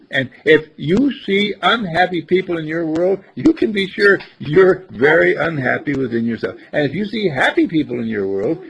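An older man with a very husky, breathy voice talks about life in a casual, inspirational way. His pitch swings up and down with lively, chuckling energy as he acts out small conversations. The recording is dull and lo-fi. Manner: animated, chuckling, acts out little dialogues. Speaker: speaker giving life advice.

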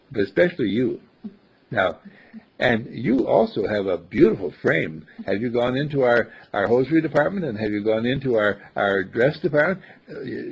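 An older man with a very husky, breathy voice talks about life in a casual, inspirational way. His pitch swings up and down with lively, chuckling energy as he acts out small conversations. The recording is dull and lo-fi. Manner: animated, chuckling, acts out little dialogues. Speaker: speaker giving life advice.

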